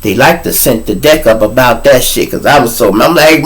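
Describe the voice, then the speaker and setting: A Chicago man hosts a podcast, spinning a long story in casual, profane language and acting out what other people said. His voice sits in the mid range at a moderate pace with hardly any pauses, and the recording is rough. He comes across as animated throughout.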